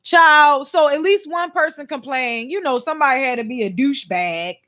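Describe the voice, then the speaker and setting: A woman from Philadelphia doing casual, excitable livestream commentary on a news story, slangy and talking straight to her viewers. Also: high voice, moderate pace.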